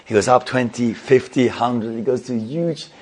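A man's voice: mid-range voice, normal speed, a little mellow, breathy edge. A man telling a Hasidic tale, often repeating and restarting himself and using Yiddish terms. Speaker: storyteller.

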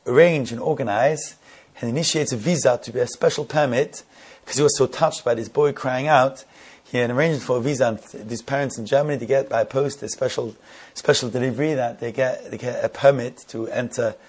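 A man telling a story in a sermon, halting and repeating words, building to emphatic questions. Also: mid-range voice, fairly even intonation, darkish tone, breathy edge.

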